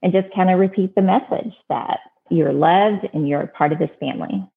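A woman's voice: lowish voice, normal speed, creaky, husky. A woman giving earnest, plainspoken advice in casual talk, often restarting her sentences. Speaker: adoption advice guest. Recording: phone-like narrow band.

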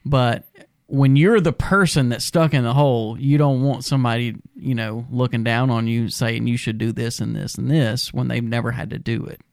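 A man with a smooth, resonant voice speaks earnestly and reflectively about recovery and stumbles over restarts now and then. He sounds close and dry, with no room echo. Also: mid-range voice, fairly even intonation, moderate pace, darkish tone. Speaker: podcast co-host in recovery. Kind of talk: casual conversation.

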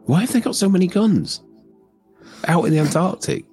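A man's voice: high-pitched, moderate pace, darkish tone, slightly rough, dry recording, soft background music. A man hosting a casual watchalong, chatting animatedly about a film with frequent restarts. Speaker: host.

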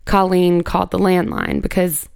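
A woman speaks with a gravelly edge and a smooth, resonant tone. She tells a personal story as an interview guest, casual and candid, full of "like" and a few swear words. The sound is close and dry. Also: on the low side, steady tone, normal speed, a little mellow, no room sound. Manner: conversational, heavy use of "like", candid with swearing.

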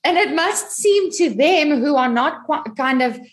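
A woman's voice: high voice, expressive, a little slow. A woman co-hosting a podcast, a supportive listener who laughs easily in casual chat. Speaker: podcast co-host.

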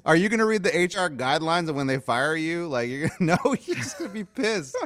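A man's voice: on the high side, big pitch swings, a little fast, fairly bright tone, dry recording, clean studio sound. A man on a radio show, arguing in a defensive, teasing, mock-aggrieved way and laughing often. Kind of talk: bantering radio talk.

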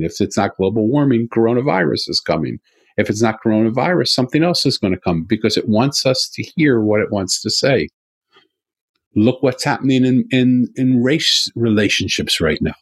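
A man's voice: medium pitch, slightly rough, no room sound. A man speaking earnestly as an interview guest, telling a story with repeated emphatic phrases.

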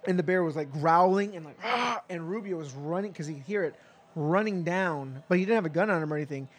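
A man's voice: a little high, fast. A man telling a long story in a casual chat, rambling with lots of fillers and acting out quoted lines.

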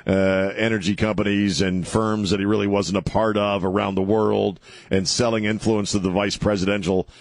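A man's voice: on the low side, little pitch movement, moderate pace, creaky, no room sound. A man hosting a talk radio show, taking callers and giving sarcastic, mocking commentary in a chatty way.

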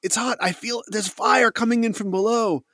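A man's voice: high-pitched, expressive, moderate pace, a bit bright, dry recording, clean studio sound, voice pushed up, heavily acted. A man voicing a fierce woman commander barking orders. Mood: commanding. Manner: barking orders, clipped and urgent.

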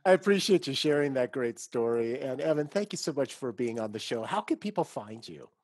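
A man's voice: medium pitch, lively intonation, brisk, darkish tone, no room sound, clean studio sound. A male podcast host asking scripted interview questions in an upbeat, appreciative way.

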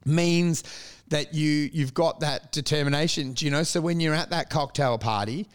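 A young man with a high-pitched voice chatting loosely and swearing freely. He acts out quotes as he tells his stories. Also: normal speed, smooth. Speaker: guest telling stories. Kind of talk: casual chat.

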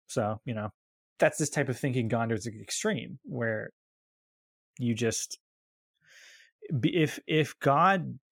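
Gravelly young man telling stories. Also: medium pitch, slow pace, long pauses, dry recording, studio quality. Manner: animated storyteller, frequent restarts. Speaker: podcast co-host. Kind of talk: casual conversation about church culture.

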